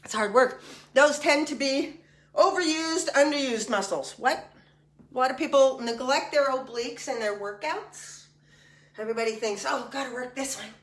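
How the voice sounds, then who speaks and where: A woman's voice: high voice, moderate pace, far from the mic. A woman fitness instructor guiding a class through exercises in a chatty, encouraging way with joking asides. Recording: echoey room, voice from off-mic.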